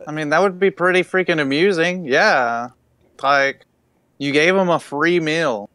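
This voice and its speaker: A man's voice: a little high, a little slow, pushed and bright, clean tone, dry recording. A young adult man co-hosting a casual talk show, laid-back and chiming in with short reactions and asides. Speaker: co-host. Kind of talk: casual chat.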